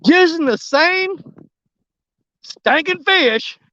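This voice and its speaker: A man narrating a fishing trip on a snowy riverbank in a folksy, excitable way, talking straight to his viewers. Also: extremely high pitch, extremely slow, no room sound, highs cut off. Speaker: fishing vlogger. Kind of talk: casual outdoor commentary.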